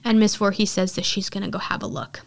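A woman's voice: medium pitch, quick pace, gravelly. A woman podcast host casually retelling a film's plot in chatty storytelling full of filler words.

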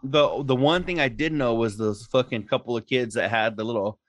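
A man's voice: medium pitch, a little fast, no room sound. A man co-hosting a podcast in casual chat, rambling and swearing freely, laughing often. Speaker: podcast co-host.

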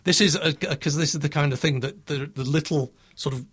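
A man from the north of England hosting a radio show in casual studio chat, chatty and quick to laugh. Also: on the high side, steady tone, a bit bright, slightly rough.

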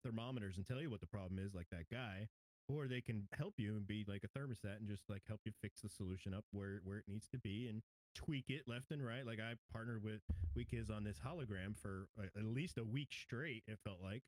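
Quick, animated man from New York. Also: lowish voice, no room sound, low-quality recording. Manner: quick, animated, laughs easily. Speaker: guest streamer. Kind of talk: casual chat.

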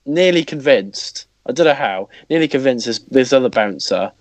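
A man's voice: medium pitch, lively intonation, moderate pace, dry recording. A man tells a story to his friends, laughing as he goes. His voice sits mid-range and sounds dry and close to the mic. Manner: laughing, recounting a drunken night out. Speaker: podcast co-host. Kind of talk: casual storytelling chat.

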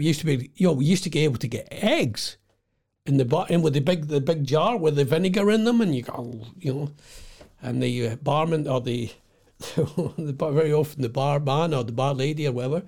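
A man's voice: fairly high pitch, warm tone. An older Scottish man chatting at home in a casual, digressive monologue, often losing his thread. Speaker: vlogger.

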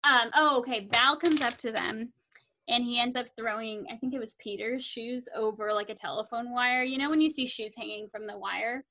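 A woman's voice: moderate pace, pushed and bright, rough recording. A young woman from California, co-hosting a podcast and chatting casually as she recaps a movie, bubbly and acting out the characters' lines. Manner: bubbly, acts out characters' lines with big jumps up in pitch. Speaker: podcast co-host.

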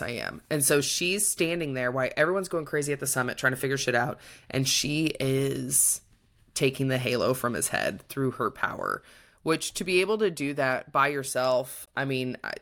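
A woman's voice: very deep voice, lively intonation, normal speed, fairly bright tone. A young adult woman co-hosting a casual book-review podcast, retelling the plot with animation and acting out the characters' lines. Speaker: podcast co-host.

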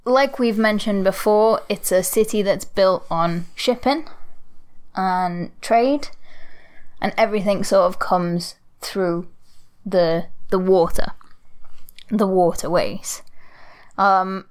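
A woman co-hosting a podcast in casual chat, talkative, laughing often and dropping quick asides. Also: medium pitch, a little mellow, clean tone. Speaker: podcast co-host.

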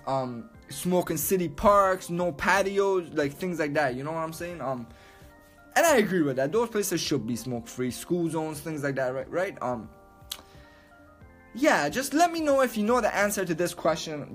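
A young man hosting a podcast, talking casually and launching into crude, profane rants. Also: a little high. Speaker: podcast host.

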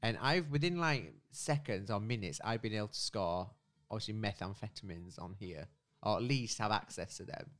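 A man's voice: lowish voice, normal speed, a bit bright. A man co-hosting a podcast, chatting casually with jokes and swearing. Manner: swearing, joking, easily amused. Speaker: podcast co-host.

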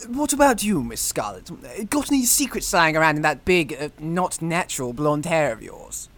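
A woman's voice: deep voice, very animated, moderate pace. A woman voicing a pompous, blunt, bumbling male detective in a comedy audio drama. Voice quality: pompous, blunt, self-important.

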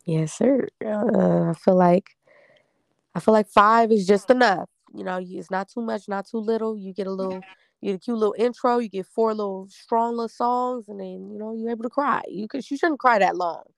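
A young woman with a gravelly, fry-edged voice talks about her music in a loose, blunt way. She swears freely and laughs often. The sound is close and dry. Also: mid-range voice, moderate pace, dry recording. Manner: blunt, laughing, slangy and emphatic. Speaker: singer promoting her debut EP. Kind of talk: casual interview chat.

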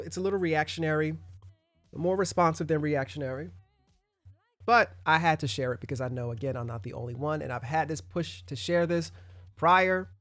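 A man from the United States hosts a solo podcast in a relaxed, rambling way, often restarting his sentences. His voice has a gravelly edge, and the small room sounds dry and close. Faint music plays underneath. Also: a little high, dry recording. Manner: loose and conversational, many restarts and asides. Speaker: podcast host. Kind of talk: casual solo podcast monologue.

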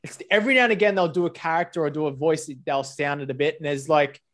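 A man's voice: on the high side, quick pace, fairly bright tone. A man with a New Zealand accent chatting casually on a podcast, joking loosely and swearing. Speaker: podcast co-host. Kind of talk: casual chat.

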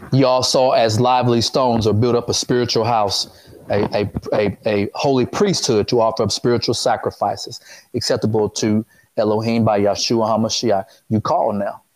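A man's voice: on the low side, fairly even intonation, moderate pace, rough recording. A man preaching a sermon who cuts in on the scripture reading with questions and repeats his phrases in a loose, informal way.

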